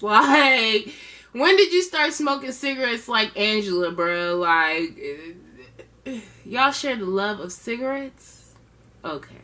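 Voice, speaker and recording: A woman's voice: a little high, lively intonation, takes it slowly, sharp tone. A woman casually recapping a reality show episode in a chatty, sassy way, with slangy asides.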